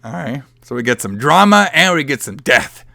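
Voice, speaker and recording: A man's voice: on the high side, very animated, moderate pace, creaky, bright, forceful tone, dry recording, clean studio sound. A man hosting a podcast, loosely and profanely retelling a movie plot in casual chat. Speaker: podcast host.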